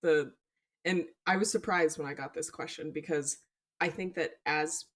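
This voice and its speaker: Lower-voiced woman chatting casually on a podcast. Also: moderate pace. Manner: animated storytelling, swears casually. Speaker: podcast co-host. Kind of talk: casual chat.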